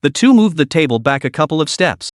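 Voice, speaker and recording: Man, story narrator, animated pitch, dry close sound. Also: fairly quick, no room sound. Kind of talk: scripted story recap narration.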